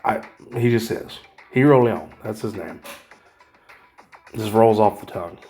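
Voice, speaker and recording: A gaming channel host with a lowish, warm voice and a measured pace talks casually through his progress in a mobile game. He rambles, corrects himself, and drops wry asides, with soft music in the background.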